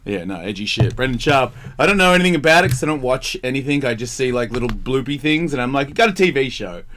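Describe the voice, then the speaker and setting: Bright, profane radio host man. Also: medium pitch, lively intonation, fast. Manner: profane, mimics people in exaggerated voices. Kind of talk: casual studio banter. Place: radio studio.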